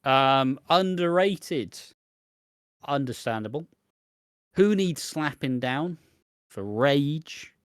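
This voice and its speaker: A man co-hosting a soap podcast in easy, unhurried chat, often restarting his sentences and swearing casually. His voice sits at a middling pitch, and the sound is dry and close with no room around it. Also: expressive, clear, resonant tone, no room sound. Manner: laid-back, frequent restarts and casual swearing. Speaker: podcast co-host.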